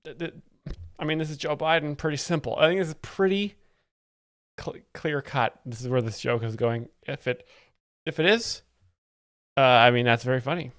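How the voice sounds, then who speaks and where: A man's voice: mid-range voice, normal speed, long pauses, fairly bright tone, dry recording. Man, young adult, ironic rambling host, dead dry sound. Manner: ironic, rambling, fake-earnest. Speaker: live-stream host. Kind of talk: mock-expert comedy commentary.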